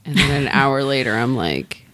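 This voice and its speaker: A woman's voice: extremely low pitch, animated, moderate pace, fairly bright tone. A woman who is a comedian and podcast host, chatting casually, often correcting herself and laughing. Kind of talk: casual chat.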